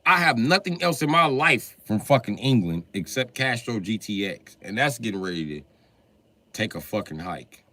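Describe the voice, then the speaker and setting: Give me a profane, excitable man ranting on a livestream with a lively, bright voice. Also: on the low side, normal speed. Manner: excitable, profane, bursts into shouting. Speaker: livestreamer and car mechanic.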